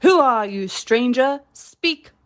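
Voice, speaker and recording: A woman reading aloud voices a proud, menacing male pirate captain with a slow, theatrical delivery. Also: a little high, expressive, voice pushed up. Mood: shaken. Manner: theatrical, commanding, growing fearful.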